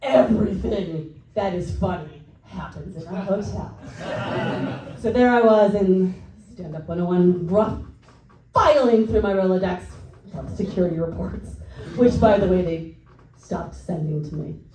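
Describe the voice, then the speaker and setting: A woman doing a stand-up comedy set in a comedy club, telling stories with quick asides. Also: medium pitch. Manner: lively storytelling with quick asides. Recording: echoey club from a distance.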